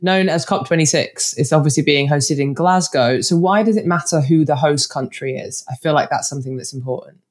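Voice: medium pitch, fairly quick, hardly any pauses. A podcast host with a northern English accent asking questions in a chatty, self-deprecating way, full of fillers. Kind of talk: casual interview questions.

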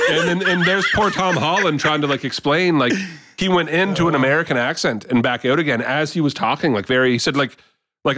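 A man's voice: mid-range voice, fairly quick, no echo, studio quality. A man co-hosting a podcast, telling stories in casual chat with friends and acting out the quotes. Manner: animated storyteller, acts out quotes. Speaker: podcast co-host.

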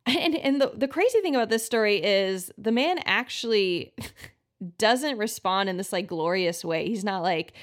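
A woman's voice: mid-range voice, lively intonation, moderate pace. A woman hosting her own podcast as a health practitioner, talking casually with lots of fillers and acting out quoted voices. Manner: chatty, many "like" fillers, acts out quoted voices. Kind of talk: casual solo podcast talk.

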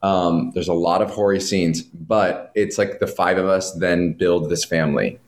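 A man, a guest from New York, telling animated stories in casual chat and swearing freely. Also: low-pitched. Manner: animated storytelling, heavy swearing, quick asides.

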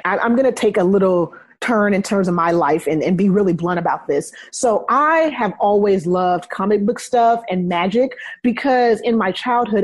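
Woman, 30s, husky, dry close sound, emphatic conversational. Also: fairly low pitch, no room sound. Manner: earnest, emphatic, speaks in repeated phrases. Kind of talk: casual discussion.

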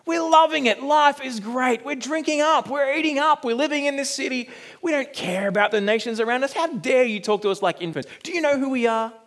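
A man's voice: very high voice, lively intonation, brisk, fairly bright tone, pitched above the performer's own voice, exaggerated voice. A male preacher voicing the ancient Israelites as boastful and sneering toward a prophet. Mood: smug. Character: smug, scornful ancient Israelites mocking a prophet.

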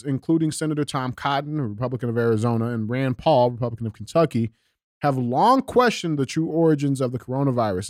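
A young man reads political news and tweets aloud on his podcast, stumbling over words and stopping to swear and riff on them. His voice sits at an ordinary middle pitch. The sound is close and completely dry. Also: no echo. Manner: animated, profane, many fillers and restarts. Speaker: podcast host. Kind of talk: casual political commentary, reading news aloud.

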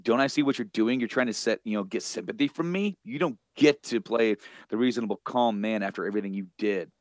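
A grieving, angry widow, her lines read by a man. The delivery stays low and quiet, with a close, dry sound. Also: fairly even intonation, brisk, no echo.

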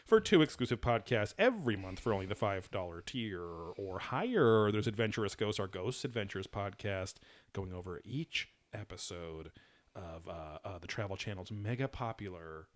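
A man's voice: on the low side, lively intonation, moderate pace. A man hosting a podcast in casual, joking chat, riffing on wordplay and laughing often. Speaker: podcast host.

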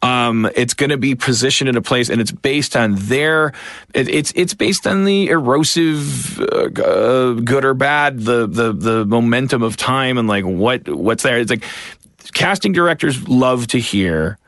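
A man's voice: mid-range voice, animated, a little slow, fairly bright tone, no room sound, studio quality. A man co-hosting a podcast in casual chat, rambling with many restarts and fillers and ranting with self-mocking asides. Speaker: podcast co-host.

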